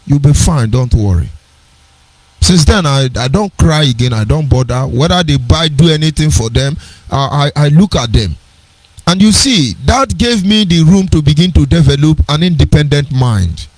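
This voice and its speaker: A man's voice: fairly high pitch, expressive, moderate pace, no echo, poor audio. A middle-aged man with a Nigerian accent, giving an earnest personal storytelling talk on a radio program, digressive and with sing-song emphasis.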